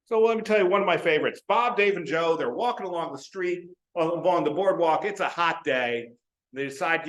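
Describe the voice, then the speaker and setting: Man giving a humorous club speech, lively pitch, a bit high, echoey room. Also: normal speed. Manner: animated joke-telling with quoted voices. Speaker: club speaker. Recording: roomy echo.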